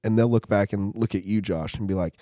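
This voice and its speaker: A man's voice: on the low side, a little fast, dark tone, no room sound, clean studio sound. Rambling male podcast host. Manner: rambling, storytelling with quoted voices. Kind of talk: casual chat.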